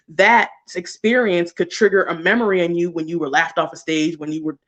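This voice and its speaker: A woman's voice: on the low side, steady tone, brisk, few pauses, dull audio. A woman tarot card reader talking casually on a livestream, chatty and loose, laughing often and dropping slang and swear words.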